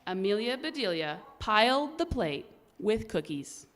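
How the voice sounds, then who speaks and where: A woman reading a children's story aloud at a church service, animated and expressive. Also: medium pitch, measured pace.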